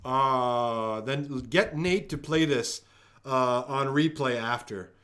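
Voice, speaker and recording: A man's voice: medium pitch, takes it slowly, a bit bright. A man hosting a live-streamed trivia game from home, joking around as he reads each question twice. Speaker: trivia host.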